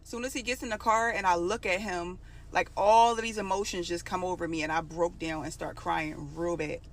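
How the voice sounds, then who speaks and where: A woman's voice: fairly low pitch, steady tone, normal speed, slight background noise. A young adult woman telling a personal story in a casual, emotional, conversational way.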